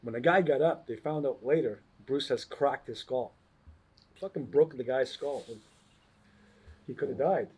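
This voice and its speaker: A man's voice: medium pitch, unhurried, pauses often, darkish tone, slightly rough. A martial arts instructor telling a story in a casual chat. He acts out the people in the story and laughs often.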